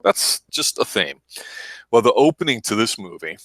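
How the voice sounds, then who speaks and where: A man hosting a casual movie review podcast, telling stories with animated laughter. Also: fairly low pitch, moderate pace, no echo. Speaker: podcast host.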